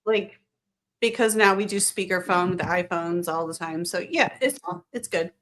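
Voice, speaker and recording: A woman's voice: on the low side, moderate pace, a bit bright. A woman co-hosting a live stream, laid back, laughing easily and giving short replies. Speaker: co-host. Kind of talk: casual chat on a live stream.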